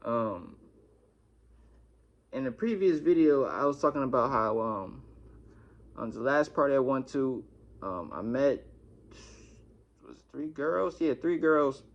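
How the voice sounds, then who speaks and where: A young man telling a storytime vlog in an animated, slangy way, cursing a lot. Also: medium pitch, takes it slowly, pauses often, highs cut off. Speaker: vlogger.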